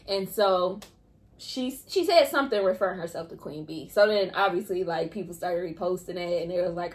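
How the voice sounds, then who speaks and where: A woman co-hosting a podcast, chatting casually and expressively, often laughing and breaking into excited quotes. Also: lowish voice, a little fast. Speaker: podcast co-host. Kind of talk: casual chat.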